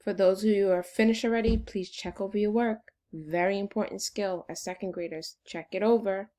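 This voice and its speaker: A woman's voice: mid-range voice, steady tone, warm tone. Patient woman teaching second graders. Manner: clear, patient, encouraging, slow dictation of words. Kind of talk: recorded phonics lesson for children.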